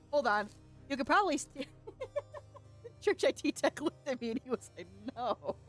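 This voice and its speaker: A high-pitched woman streamer chatting with her audience, her voice leaping all over the place as she giggles and teases. She swears casually and sounds a little stuffy in the nose, close to her desk mic, with faint music under her. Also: very animated, a little slow. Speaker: streamer reading chat. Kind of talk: casual live-stream chat. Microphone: desk microphone.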